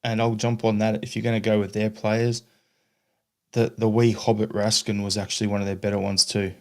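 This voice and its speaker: A man's voice: lowish voice, monotone, brisk. A Scottish man co-hosting a football podcast, talking bluntly in a ranting, casual way and swearing freely. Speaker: podcast co-host.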